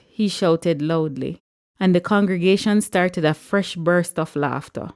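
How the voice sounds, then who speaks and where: A woman narrating a story in a lively, expressive reading style. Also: fairly low pitch, a little slow. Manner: lively, character-driven reading. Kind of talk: audiobook narration.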